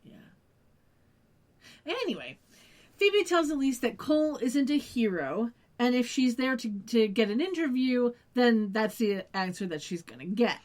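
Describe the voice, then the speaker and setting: A woman co-hosting a podcast, retelling a TV episode in relaxed, agreeable casual chat. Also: a little high, unhurried. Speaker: podcast co-host.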